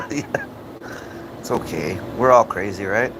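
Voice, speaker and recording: An American man hosting a live stream speaks slowly in a medium-pitched voice against a noisy background. He rants in a rambling, heated and profane way while answering viewers' comments.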